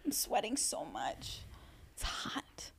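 A woman's voice: mid-range voice, wildly swooping pitch, slow, gravelly, a bit bright, husky, whispered. A young woman co-hosting a casual podcast, chatty and giggly. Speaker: podcast co-host. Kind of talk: casual couple chat.

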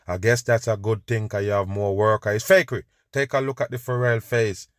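A man's voice: lowish voice, steady tone, a little fast, dry recording, studio quality. A man, hosting a podcast and ranting with scorn over video clips, calling his listeners "people" again and again. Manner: scornful, preachy, repeats "people". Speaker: podcast host reacting to clips.

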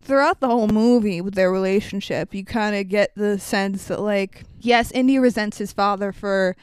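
Chatty woman with a clear voice. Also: mid-range voice, normal speed, a little mellow, no room sound. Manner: chatty, laughs often, sarcastic asides. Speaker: podcast co-host. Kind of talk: casual movie recap chat.

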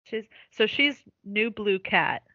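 Female podcast guest, deadpan storyteller, bright forward voice, dry dull recording. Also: mid-range voice, takes it slowly, dry recording. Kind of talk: casual chat.

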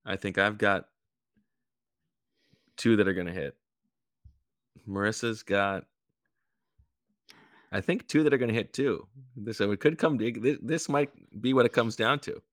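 A man's voice: on the low side, a little slow, long pauses, dry recording, studio quality. A man hosting a casual podcast chat, playful, calling out bids like an auctioneer and telling jokes. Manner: playful, tells jokes, auctioneer-style calls. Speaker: podcast host running a bidding game.

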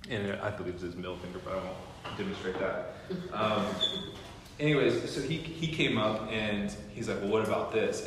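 Echoey, low-voiced man telling a sermon story. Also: normal speed, a little hiss or hum. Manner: animated storyteller acting out quotes. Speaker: guest lecturer. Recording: echoey hall with long reverb.

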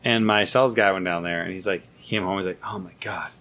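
Laughing, animated brewer. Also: male voice, low voice, quick pace, clean tone. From United States. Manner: animated storyteller, laughs often. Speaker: brewer, guest. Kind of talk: casual podcast chat.

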